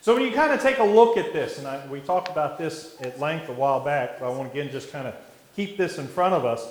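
A man's voice: on the high side, lively intonation. Man teaching a Bible class, echoey room. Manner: measured, with frequent fillers and restarts, asks the class questions. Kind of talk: church Bible class lesson.

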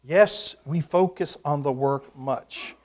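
A man's voice: a little high, slow pace. A man preaching a sermon, reading scripture passages aloud and asking his listeners questions, dropping at times to a near-whisper. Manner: dramatic swings from loud emphasis to near-whispers; reads scripture aloud in King James wording.

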